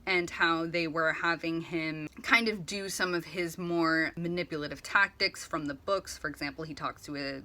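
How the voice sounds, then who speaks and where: Woman, bright forceful tone, lowish pitch, casual rambling commentary, acts out quotes. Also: fairly even intonation, normal speed, few pauses. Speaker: video essay host. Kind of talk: casual book-versus-movie commentary.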